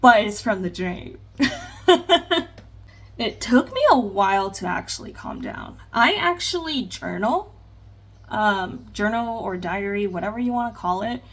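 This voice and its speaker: A woman's voice: mid-range voice, lively intonation, moderate pace, fairly bright tone. A woman chatting candidly in a get-ready-with-me vlog, rambling with plenty of fillers while doing her makeup at home. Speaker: vlogger. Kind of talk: casual get-ready-with-me chat.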